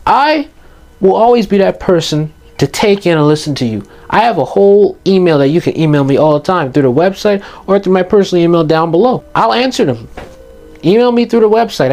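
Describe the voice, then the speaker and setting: A man's voice: high voice, a little mellow. A teenage boy giving passionate, emphatic advice to his viewers in an earnest motivational monologue, repeating his key points. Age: teens. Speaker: youth vlogger giving advice.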